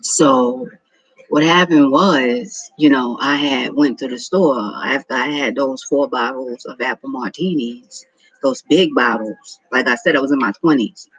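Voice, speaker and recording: A man's voice: medium pitch, unhurried, a bit bright, breathy edge, no room sound, poor audio. A man in his thirties telling a rambling, profane personal story in a casual monologue. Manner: rambling, profane, repeats himself. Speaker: vlogger.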